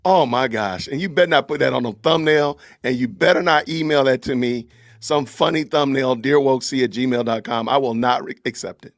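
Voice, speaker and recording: A man's voice: mid-range voice, normal speed, vocal fry, dry recording, clean studio sound. A man hosting a live podcast, reacting to clips with laughter and disbelief. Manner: laughing, incredulous, exclamatory. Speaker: podcast host. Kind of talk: live-stream reaction commentary.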